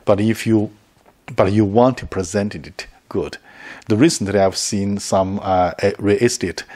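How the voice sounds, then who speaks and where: A man's voice: lowish voice, unhurried, a little mellow. A middle-aged man chatting casually to camera as a video creator, rambling, repeating words and chuckling often.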